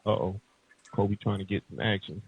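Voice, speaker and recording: A man's voice: lowish voice, fairly even intonation, moderate pace, creaky, slightly rough, no echo. A man hosting a podcast, ranting heatedly and emphatically in casual, profane talk. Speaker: podcast host. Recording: tinny phone-like sound.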